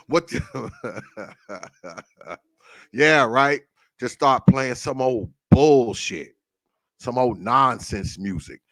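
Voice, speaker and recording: A man's voice: medium pitch, very slow, long pauses, sharp tone, dry recording, studio quality. A man hosting a casual livestream, greeting viewers by name with a profane, laughing, loose manner. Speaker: livestream host.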